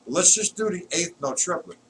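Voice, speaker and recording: A man teaching drums in a live-streamed lesson, explaining patterns patiently and counting beats aloud loudly while he plays. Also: high voice, lively intonation, a little fast, a little hiss or hum. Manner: explains patiently, checks if students follow. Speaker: drum teacher. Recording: distant mic with loud drumming.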